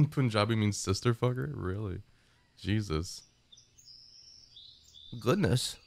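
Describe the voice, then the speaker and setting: Deep-voiced man chatting on stream. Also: lively intonation, moderate pace. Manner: joking, reads chat aloud, mumbles asides. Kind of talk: casual gaming stream chat.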